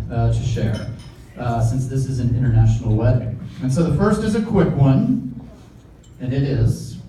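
A man's voice: medium pitch, dark tone. A man in his thirties giving a jokey wedding toast as best man and reading a letter aloud from his notes. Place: wedding reception room. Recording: echoey room from far off, noisy.

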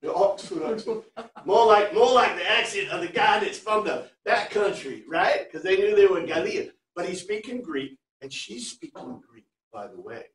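A man teaching a Bible class, chatty and animated, reading Greek phrases word by word for his students. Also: sits high, normal speed. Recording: echoey room, far from mic.

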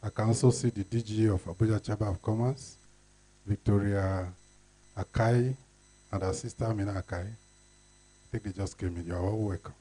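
A man's voice: lowish voice, steady tone, normal speed, pauses often, dark tone, breathy edge. A man with a Nigerian accent serving as master of ceremonies at an event, making formal announcements with occasional fillers. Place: event hall.

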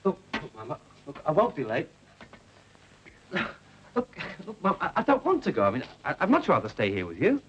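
A man's voice: a little high, wildly swooping pitch, normal speed, slight background noise, poor audio. An actor playing a flustered young man who stammers and pleads with his mother, in a 1960s TV drama.

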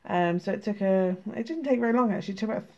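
A British tarot and oracle card vlogger with a sore throat flips through her cards and reads them aloud in a lo-fi home recording. Her gravelly, mid-range voice has a dark tone, and she talks rapid-fire, chatty and laughing, swearing a lot.

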